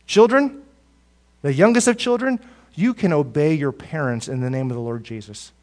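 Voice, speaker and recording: A male pastor delivering a sermon in a slightly higher voice. He swings from loud, emphatic lines down to quiet, low asides. He often repeats words as he speaks. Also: very animated, brisk.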